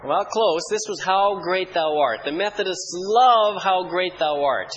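High-voiced pastor telling church jokes. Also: male voice, unhurried, fairly bright tone, slight background noise, poor audio. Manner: dry storytelling humor, mock-solemn archaic hymn recitation. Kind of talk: sermon with humorous anecdotes.

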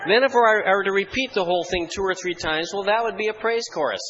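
High-voiced pastor telling church jokes. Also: male voice, fast, hardly any pauses, a bit bright, dull audio, slight background noise. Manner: dry storytelling humor, mock-solemn archaic hymn recitation. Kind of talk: sermon with humorous anecdotes.

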